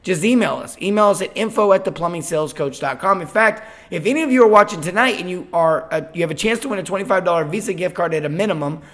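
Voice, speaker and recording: A man hosting a sales podcast, telling a story in a casual, animated way with lots of restarts. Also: sits high, quick pace, hardly any pauses. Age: adult, father of eight. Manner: animated, chatty, repeats himself. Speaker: podcast host and sales coach.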